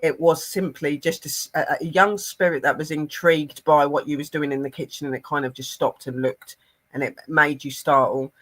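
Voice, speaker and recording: A man's voice: a little high, fairly even intonation, normal speed, fairly bright tone. A man working as a psychic medium on a live stream, passing on spirit messages in an earnest, rambling way. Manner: earnest and rambling, many fillers.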